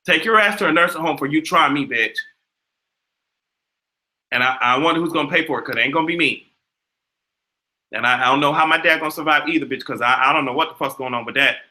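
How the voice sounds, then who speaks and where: A young man hosting a livestream, delivering a profane, sassy and animated casual rant. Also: fairly high pitch, fast talker, long pauses. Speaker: livestream host.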